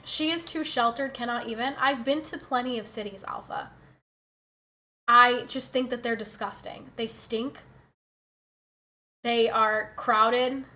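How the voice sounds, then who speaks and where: Bright-voiced sarcastic woman streamer. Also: on the high side, steady tone, normal speed. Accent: New Jersey. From United States. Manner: sarcastic, blunt and opinionated. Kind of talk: casual chat reading viewer messages.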